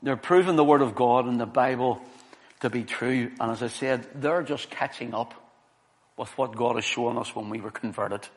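A man's voice: mid-range voice, moderate pace. A middle-aged man preaching a sermon and telling a story from his own life, earnest and building to emphatic stresses.

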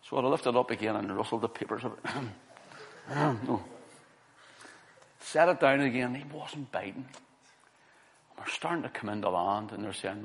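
A middle-aged man preaching in a gravelly, creaky voice. He talks earnestly and leans hard on key words as he builds his points. His pitch sits right in the middle for a man. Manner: earnest, building to emphatic stresses. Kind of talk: sermon with a personal story.

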